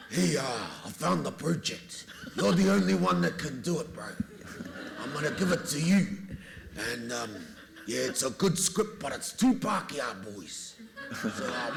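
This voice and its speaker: A man's voice: mid-range voice, very animated, a little slow, creaky, crowd noise, voice pushed up, heavily acted. A man doing a laughing, matey impression of another man. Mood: jovial. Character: laid-back adult man handing over a script, impression.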